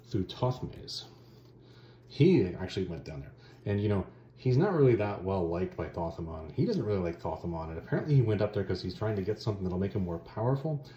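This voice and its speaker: A man with a fairly low, mellow voice that swings widely in pitch as he retells a comic story in a casual, slangy way. He throws in offhand asides. The sound is roomy and a little dull. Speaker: comic book reviewer.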